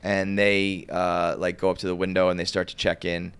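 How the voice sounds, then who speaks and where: A man's voice: sits low, flat delivery, moderate pace, fairly bright tone, clear, resonant tone. A young man telling a long, rambling story on a podcast, full of "like" and laughing at his own tale.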